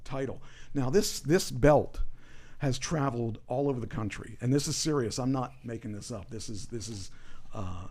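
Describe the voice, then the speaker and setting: Man telling wrestling stories. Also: mid-range voice. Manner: animated, shouts into promo voice when quoting himself. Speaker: former pro wrestler guest. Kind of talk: casual storytelling.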